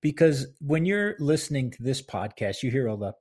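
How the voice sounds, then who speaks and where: A man talks into a close podcast mic in his home office, hosting a relaxed solo show. His voice is a bit husky and sits at an ordinary pitch. He rambles in a chatty, self-deprecating way and laughs often. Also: normal speed. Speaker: podcast host. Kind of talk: casual solo podcast talk.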